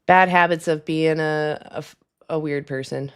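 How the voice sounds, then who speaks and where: A woman's voice: low voice, steady tone, normal speed, clear, resonant tone. A woman hosting a casual live stream at her desk at home, rambling with lots of fillers and chatty asides.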